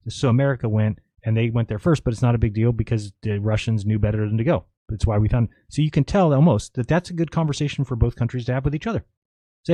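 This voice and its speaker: A man's voice: medium pitch, dark tone, no echo. Offhand man reading his live chat. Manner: offhand, rambling, reads chat questions aloud and answers. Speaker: live stream host. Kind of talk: casual live stream chat, reading viewer comments.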